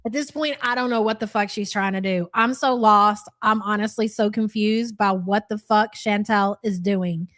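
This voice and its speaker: A woman's voice: medium pitch, steady tone, normal speed, few pauses, fairly bright tone. A young woman hosting a live reaction stream, talking bluntly and swearing freely. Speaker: livestream host.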